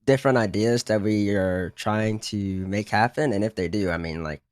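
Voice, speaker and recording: A man's voice: fairly low pitch, normal speed, no room sound, studio quality. A young man, a podcast guest, talking earnestly and often trailing off and restarting his sentences. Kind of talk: casual podcast chat.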